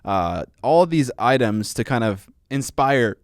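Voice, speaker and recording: A man's voice: mid-range voice, expressive, slow, no echo, clean studio sound. A man co-hosting a hobby podcast in casual chat, rambling with lots of fillers. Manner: rambling, filler-heavy, laughs easily. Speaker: podcast co-host.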